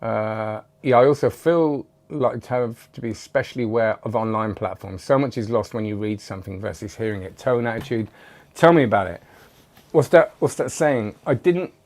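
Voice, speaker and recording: A man's voice: lowish voice, moderate pace, a little mellow. A man hosting a magic channel, chatting casually and rambling as he reads out viewer comments, with self-deprecating asides. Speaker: magic video host.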